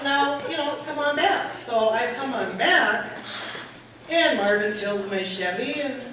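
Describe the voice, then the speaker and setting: A middle-aged woman telling a funny farm story live at a party, acting out the men's shouting. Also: measured pace. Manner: animated, acts out the men's shouting in a higher voice. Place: hall at a holiday party. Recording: echoey hall, mic at a distance, audience noise.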